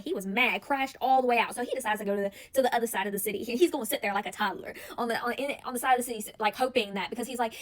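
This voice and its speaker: A woman retelling a bible story in a chatty, animated way, with casual storytelling and lots of "like". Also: on the high side, very fast, hardly any pauses. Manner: chatty and animated, heavy use of "like". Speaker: bible study vlogger.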